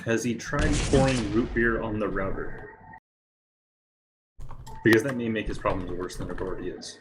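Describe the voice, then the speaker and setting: A man's voice: fairly low pitch, normal speed, noisy background. A man co-casting a live game stream with dry, self-deprecating humor. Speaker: co-caster. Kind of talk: casual live-stream commentary.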